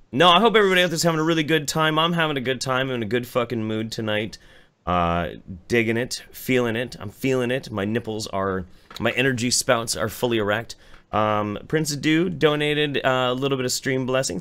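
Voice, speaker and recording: A man's voice: on the low side, clear, resonant tone. A man co-hosting a casual livestream podcast, rambling and swearing as he tells stories. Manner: profane, rambling, animated storytelling. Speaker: podcast co-host.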